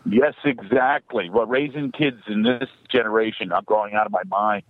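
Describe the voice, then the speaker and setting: A comedian man from Philadelphia, calling in to a radio show and telling stories in an animated way, laughing often. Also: on the low side, normal speed, no echo. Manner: animated storytelling, acts out voices and laughs often. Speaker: comedian guest. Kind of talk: radio call-in comedy chat. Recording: dry muffled phone line.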